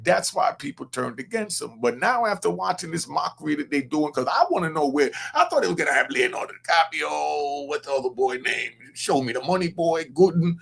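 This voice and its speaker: A man's voice: a little high, sing-song, fairly quick, vocal fry, few pauses, fairly bright tone, slightly rough. A man hosting a podcast, giving blunt, profane, street-style commentary with lots of energy. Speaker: podcast host. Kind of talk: casual opinionated commentary.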